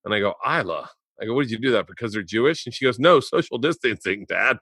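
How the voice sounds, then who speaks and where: A man in his forties hosts a casual podcast chat, rambling through stories and getting loud as they build. His voice is bright and forceful. The sound is close and dry. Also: lowish voice, lively intonation, quick pace, husky, dry recording. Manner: rambling storyteller, gets loud and laughing in anecdotes. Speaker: podcast host. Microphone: remote podcast mic.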